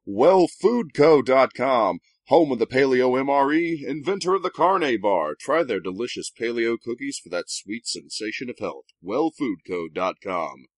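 Male podcast host, lowish voice, dry close sound, deadpan ad reads. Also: no echo. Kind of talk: casual podcast talk and read ads.

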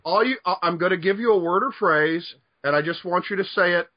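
A man's voice: high-pitched, fairly quick, lo-fi sound. A man from the southern United States with a Southern accent, hosting a casual chat and teasing his guest with a word game. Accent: Southern American. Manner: playful quiz-master teasing. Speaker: host.

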